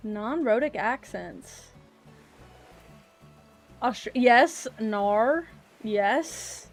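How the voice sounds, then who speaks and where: A woman's voice: a little high, expressive, very slow, faint music behind. A woman streaming a video game, chatting casually and rambling to her viewers. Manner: chatty, rambling, talks to chat. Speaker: live streamer. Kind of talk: casual live-stream chat while gaming.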